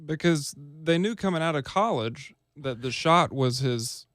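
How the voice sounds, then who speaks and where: A man's voice: on the high side, animated, measured pace, fairly bright tone, no echo. A man co-hosting a sports talk radio show, dry and skeptical in his remarks.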